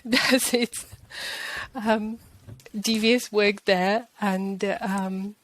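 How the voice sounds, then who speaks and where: A woman hosts an interview at an unhurried pace, with an enthusiastic, giggly manner. Her speech is full of ums and little laughs, and it comes through a video call mic. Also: medium pitch, fairly even intonation. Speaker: interview host, parent. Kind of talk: friendly conversational interview.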